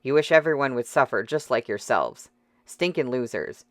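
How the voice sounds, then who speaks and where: A reader voicing a fierce, defiant young woman who swears coarsely and shouts in a shrill voice, in an audiobook. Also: very animated, normal speed, dry recording, studio quality. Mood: furious.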